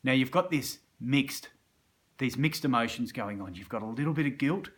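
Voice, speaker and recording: Bright-voiced Australian man telling a story. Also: mid-range voice, normal speed. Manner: colloquial, vivid and animated, acts out scenes. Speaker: self-improvement coach. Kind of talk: motivational storytelling.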